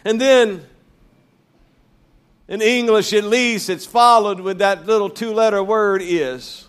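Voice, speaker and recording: A man preaching a sermon as pastor, emphatic, slowing down to stress key words. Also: high voice, clear, resonant tone.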